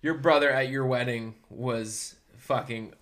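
A man's voice: medium pitch, steady tone, a little slow, a bit bright. A man co-hosting a podcast, teasing the others in profane casual banter. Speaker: podcast co-host.

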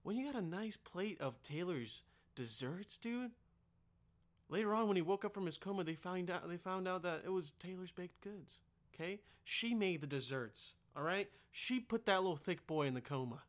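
A man hosting a podcast, doing a rowdy, profane comedic ad read with sudden loud outbursts. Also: high-pitched, lively intonation, moderate pace. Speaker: podcast host.

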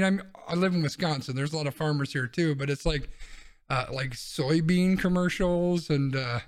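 Blunt ranting podcast host man. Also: on the high side. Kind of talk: casual podcast chat.

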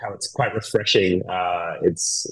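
A man's voice: low voice, fairly even intonation, a little slow, a bit bright, breathy edge, no room sound. A man with an Australian accent, a guest English teacher talking in an easygoing, reflective way. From Perth, Australia. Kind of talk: casual conversational interview.

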